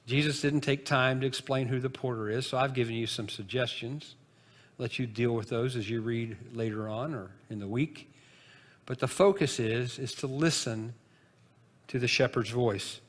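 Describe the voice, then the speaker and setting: A man preaching from the pulpit in a relaxed, chatty way, slipping into asides and starting sentences over. His voice sits at an everyday middle pitch. The church hall gives it a long, echoing tail. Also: measured pace. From northern United States. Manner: conversational, folksy, with asides and restarts. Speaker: pastor. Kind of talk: sermon.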